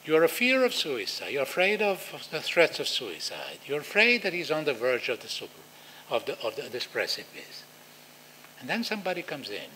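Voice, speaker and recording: An older man with an Israeli accent giving a lecture to practitioners, acting out quoted voices in an animated way. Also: on the high side, slight background noise, poor audio. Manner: animated, acts out quoted voices, non-native phrasing.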